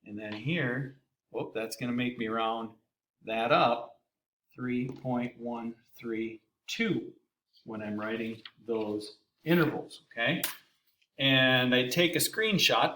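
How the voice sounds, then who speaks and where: A man teaching a calculus lesson, talking through each calculator step aloud in a relaxed, folksy way. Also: medium pitch, slight background noise. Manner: relaxed, folksy classroom explaining. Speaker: math teacher.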